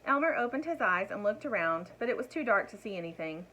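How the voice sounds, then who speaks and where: A woman reading a picture book aloud to children in an expressive voice, turning to her young listeners with asides. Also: mid-range voice, quick pace, slight background noise, poor audio. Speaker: storyteller.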